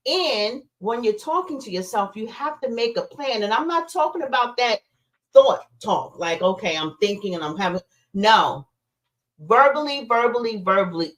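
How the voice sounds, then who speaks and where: A woman hosting a casual motivational livestream. She talks in a chatty, emphatic way and breaks off to answer chat comments. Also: medium pitch. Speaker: livestream host.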